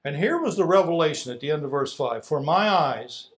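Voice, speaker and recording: Male pastor, high and very lively voice, expressive sermon delivery, hushed to booming. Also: fairly quick. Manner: animated, swings from hushed to loud emphatic delivery.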